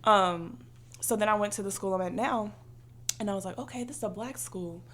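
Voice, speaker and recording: A woman talks easily through a casual podcast chat at a middle pitch. She tells her story with energy and mimics the people in it. A faint hum sits under the voice. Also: fairly quick. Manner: animated storyteller, acts out quoted voices. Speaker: podcast co-host.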